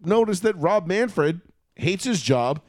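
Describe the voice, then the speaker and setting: Sports talk guy going off, swears a lot, voice jumps all over, kinda high, dry sound. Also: lively intonation, slow, darkish tone, dry recording. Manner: profane, ranting, riffs into mock voices. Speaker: sports talk show host.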